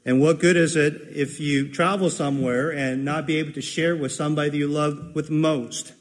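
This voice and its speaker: A man's voice: fairly high pitch, fairly even intonation, normal speed, big-room sound. A man preaching a sermon in an earnest way, repeating key phrases for emphasis. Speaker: pastor.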